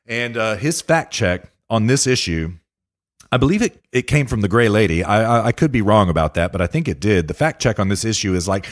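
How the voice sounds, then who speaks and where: A man's voice: on the low side, lively intonation, brisk. A man hosting a casual political podcast, ranting emphatically and addressing the listener directly. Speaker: podcast host.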